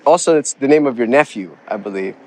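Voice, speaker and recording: Male host, laid-back casual interviewer, chuckles along, average pitch. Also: lively intonation, fast talker, darkish tone, a little hiss or hum.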